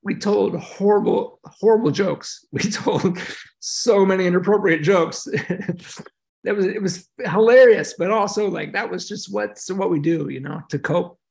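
A middle-aged man from the United States talks through his experiences in a relaxed interview. His voice is gravelly and sits slightly high, and he speaks reflectively and emotionally, with frequent fillers and restarts. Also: measured pace. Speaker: podcast guest, veteran and yoga teacher. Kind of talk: casual interview storytelling.

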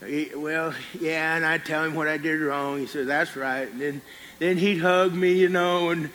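A man preaching a sermon, telling a folksy personal story and dropping low on quiet lines. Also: steady tone, moderate pace, big-room sound, slight background noise.

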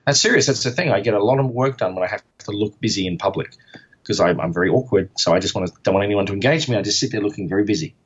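A man's voice: on the low side, rapid-fire, breathy edge, highs cut off. An Australian man from Perth, chatting as an interview guest in a rambling, self-deprecating way. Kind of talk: casual interview chat.

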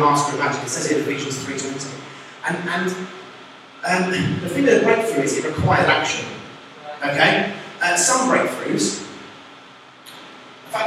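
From far off in an echoey church hall, with noise in the background, a young man with a higher voice delivers a casual sermon. He's chatty and animated, acting out the quotes he shares.

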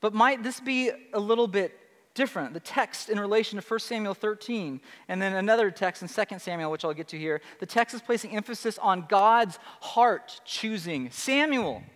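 A man's voice: high voice, normal speed, fairly bright tone, in a large hall. A man preaching a sermon as pastor, conversational and emphatic, often restarting and asking rhetorical questions. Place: church sanctuary.

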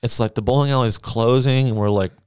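A young man co-hosting a podcast, telling a story in casual, animated talk with lots of swearing and acted-out quotes. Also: mid-range voice, fast, clean tone, no echo, studio quality. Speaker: podcast co-host.

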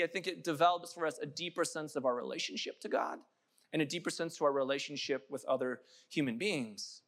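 A man's voice: high voice, a bit bright. A young adult man preaching a sermon, impassioned and building to emphatic peaks. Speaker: pastor.

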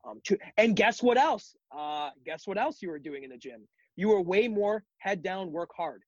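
A man's voice: sits high, expressive, normal speed, no echo, lo-fi sound. A man as a podcast guest in casual chat, talking reflectively and encouragingly with many ums.

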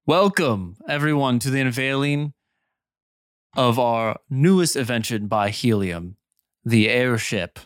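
A man's voice: mid-range voice, measured pace, dry recording, clean studio sound, natural voice. A man voicing a noble who formally presents an airship to a crowd, speaking in a ceremonious, announcing manner. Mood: grand, ceremonious.

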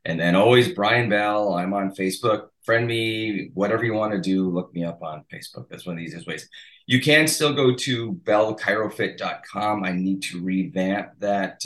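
A man's voice: low-pitched, a bit bright. A man in his sixties from Massachusetts, a chiropractor guest chatting in a rambling way with frequent restarts. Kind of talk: casual podcast interview. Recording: roomy echo.

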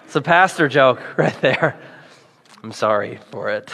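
A male pastor preaching a sermon, telling stories with animated, playful voices for the people in them. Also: medium pitch, takes it slowly, creaky, long pauses, husky. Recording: long hall reverb.

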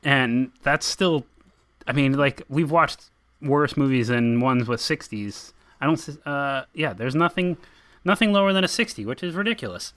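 Bright-voiced podcast host, dry close sound. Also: male voice, medium pitch, lively intonation, normal speed, no echo. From central Massachusetts. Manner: opinionated, rambling with many "like"s and restarts. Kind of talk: casual chat.

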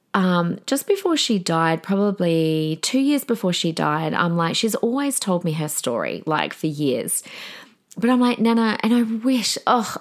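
A woman hosting a podcast, talking earnestly and with emphasis, and acting out imagined conversations. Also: fairly low pitch. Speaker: podcast host. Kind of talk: impassioned monologue.

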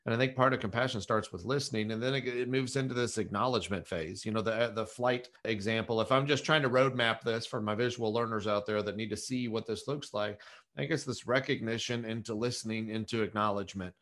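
A man's voice: on the low side, a little fast, fairly bright tone. A man consultant summarizing the discussion in a structured way. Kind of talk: casual podcast discussion.

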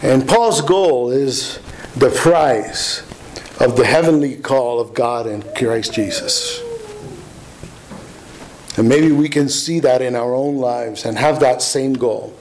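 A man's voice: medium pitch, big pitch swings, slow pace, darkish tone, poor audio. A man preaching a sermon, earnest and emphatic, often restarting his words. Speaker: pastor.

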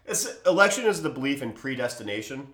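A man's voice: medium pitch, sing-song, quick pace, fairly bright tone. A man co-hosting a podcast, joking crudely and swearing often in casual chat. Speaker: podcast co-host.

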